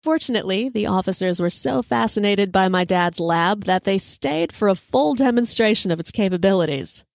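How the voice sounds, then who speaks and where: A woman hosting a podcast, telling a personal story in a lively, conversational way. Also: mid-range voice, moderate pace, hardly any pauses, dry recording. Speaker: podcast host. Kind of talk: storytelling monologue.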